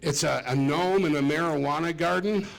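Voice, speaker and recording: A man's voice: on the high side, moderate pace, vocal fry, crowd noise. A middle-aged man doing a stand-up comedy set, chatty and self-mocking as he talks to the audience. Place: club stage with a live audience.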